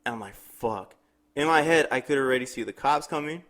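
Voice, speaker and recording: Animated young man telling a story. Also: on the high side, quick pace. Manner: animated storyteller, acts out quotes, swears freely. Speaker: podcast co-host. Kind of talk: casual storytelling chat.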